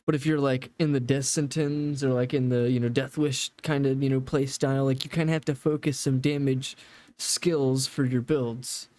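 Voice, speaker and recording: A man's voice: mid-range voice, steady tone, normal speed, dark tone, no room sound. A man casually reacting to a game developer video, rambling and swearing now and then as he explains game mechanics. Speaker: gaming reaction host.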